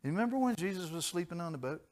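A pastor preaching a sermon, swinging between loud, emphatic outbursts and quiet, gentle asides. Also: male voice, high-pitched, lively intonation, rapid-fire.

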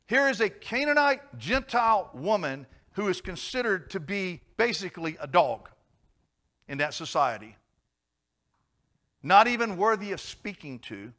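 Animated preacher with a fairly high voice. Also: male voice, measured pace. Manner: conversational, asks the audience questions, swings from quiet to emphatic. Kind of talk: sermon.

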